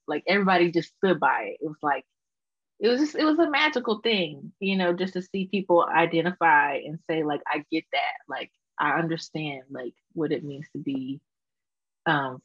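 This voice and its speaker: A woman's voice: low voice, dry recording, dull audio. A woman with a Houston Texas accent, a guest artist chatting casually in an interview, full of fillers and laughter.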